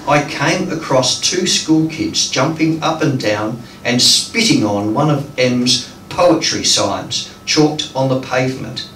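Poet reading live, unhurried and hesitant between pieces, picked up by a far mic in an echoey room. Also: male voice, mid-range voice, a bit bright. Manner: slow, hesitant between poems, with many ums. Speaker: poet reading his work. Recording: echoey room, distant mic, faint noise.

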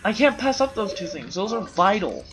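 A man's voice: high-pitched, very animated, normal speed, a bit bright, soft background music. A man doing goofy, rambling let's play commentary, full of silly wordplay, over game sounds. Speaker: gameplay commentator.

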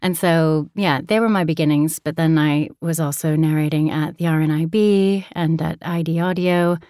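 A low-pitched woman from Alaska speaks with an American accent that has drifted toward transatlantic. Her voice is smooth and clear, and she is recorded dry and close. She talks in a chatty, storytelling way. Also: fairly even intonation, moderate pace, mellow, no room sound. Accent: American with a transatlantic tinge. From Alaska, USA. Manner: chatty, laughs often, storytelling. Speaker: audiobook narrator guest. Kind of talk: interview conversation.

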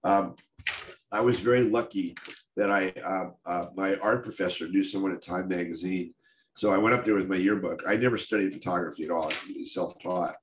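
A man's voice: low-pitched, steady tone, a little fast. A middle-aged American man, a photographer telling stories from his career in a candid, self-deprecating way with many fillers. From United States. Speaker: photographer giving a talk. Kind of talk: storytelling talk. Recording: echoey room with faint noise.

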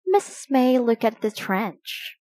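A woman reading a children's picture book aloud, slowly and expressively for young listeners. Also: on the high side, very animated, mellow. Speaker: storybook reader.

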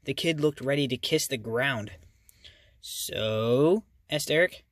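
A man's voice: mid-range voice, normal speed, fairly bright tone, dry recording, clean studio sound. A man reading a children's novel aloud as a hobby reader, earnest and casual. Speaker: audiobook reader. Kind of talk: amateur audiobook reading.

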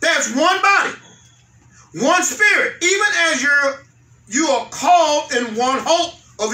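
High, bright-voiced pastor preaching. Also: male voice, lively intonation, takes it slowly. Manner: fervent preaching, rising to shouts, repeats phrases. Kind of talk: sermon. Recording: echoey room, mic far off.

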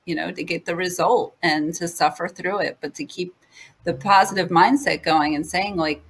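A woman hosting a casual interview, who talks in a halting way and often says "you know". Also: fairly low pitch, fairly even intonation, breathy edge. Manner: hesitant, with many "you know"s and restarts. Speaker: talk show host.

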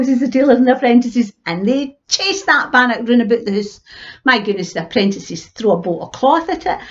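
Brief: Scottish woman storyteller, Ayrshire accent, fairly high, dull lo-fi. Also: brisk. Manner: lively, folksy, many Scots words. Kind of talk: animated oral storytelling.

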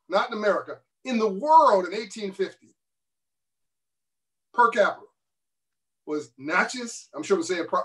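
A man's voice: sits high, a bit bright, recorded from a distance, low-quality recording. A man speaking as a guest author in an interview, making his points with emphatic bursts and laughing between them over a video call. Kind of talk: passionate interview talk.

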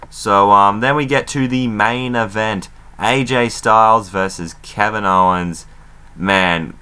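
A low-pitched man with a smooth, clear voice and a bright, forceful edge rambles through a casual recap. He sounds like an excitable fan, chatty and loose, full of fillers and the odd curse. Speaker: wrestling show reviewer.

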